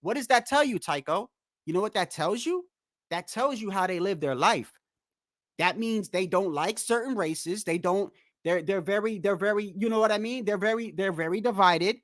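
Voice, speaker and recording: A high, slightly bright male voice, recorded with clean studio sound and no room sound. He's a livestream host in a casual rant, responding to viewers in chat bluntly and with plenty of cursing.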